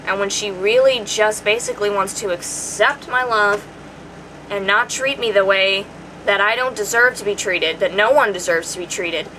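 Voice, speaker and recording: A woman's voice: mid-range voice, normal speed, slight background noise, rough recording. Earnest young woman telling a personal story. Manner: earnest, emotional, softening to near tears. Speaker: vlogger answering viewer questions. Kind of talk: personal vlog.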